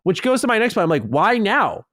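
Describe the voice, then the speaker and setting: A man co-hosting a gaming podcast in casual, animated chat, swearing now and then and reading listener mail. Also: sits high, rapid-fire, no echo. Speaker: podcast co-host.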